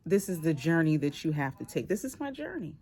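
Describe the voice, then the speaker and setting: Talking fairly quickly in a low voice, this Boston-accented vlogger in her 40s speaks candidly to the camera. She's lively and blunt, and she swears without holding back.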